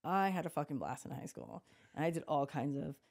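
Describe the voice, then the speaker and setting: A woman in her fifties carries a casual podcast chat and tells stories with lively energy, dropping swear words along the way. Her voice sits a little low and has a gravelly fry to it. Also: a little fast. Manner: animated storyteller, swears freely, quotes people in acted voices. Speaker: podcast co-host.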